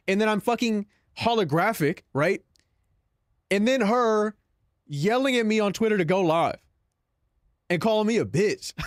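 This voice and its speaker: A man's voice: high voice, dry recording, clean studio sound. A man live streaming in casual chat, talking in slang, calling his viewers "bro" and laughing between lines.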